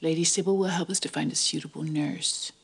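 An actress playing a kind aristocratic lady of a great house in a period drama, speaking softly and reassuringly. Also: low voice, steady tone, fairly quick, vocal fry, husky, heavily acted. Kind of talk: period television drama acting.

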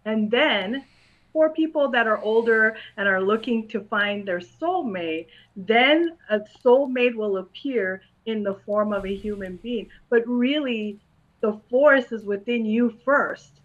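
Calm higher-pitched woman, dull recording. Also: slow. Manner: calm, patient explaining in simple terms to a young interviewer. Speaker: guest, school psychologist and clairvoyant. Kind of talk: interview answers.

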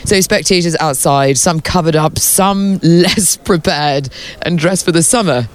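Brief: high-pitched male reporter, playful roving chat outdoors in the rain. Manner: chatty, playful, quick asides. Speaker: host reporter. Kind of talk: roving on-site reporting and interviews. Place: outdoors at a tennis venue in the rain.

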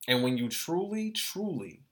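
Venting through tears on his own podcast, a young adult man gives an emotional, profane, candid monologue, circling back to the same phrases. He speaks a little slowly in a slightly high, sing-song voice.

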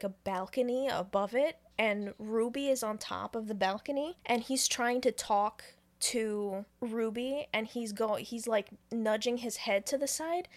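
A woman podcast co-host telling a film's plot in casual, animated chat. Her voice sits fairly high, and she swears freely as she narrates. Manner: animated, profane, laughing storyteller. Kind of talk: casual movie recap chat.

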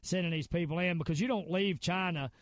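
A man with a Southern US drawl holds forth as a podcast host, his voice pitched notably high. He rambles emphatically, stacking fillers and restarts. The sound is close and dry, with no room around it. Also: fairly quick, no room sound. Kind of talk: casual conspiracy-minded rant.

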